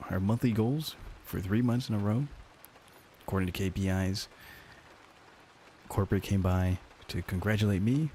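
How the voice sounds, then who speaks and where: A man voicing an upbeat male sales manager in an ASMR role-play, giving a cheerful corporate pep talk in a kept-low voice. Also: mellow, a little hiss or hum.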